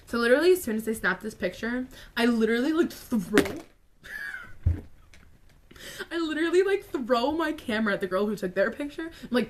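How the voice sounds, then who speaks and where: A woman vlogger telling a personal story to camera in a casual, animated way, full of "like" and quick asides. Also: a little high, a little hiss or hum. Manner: animated, filler-heavy retelling with lots of "like".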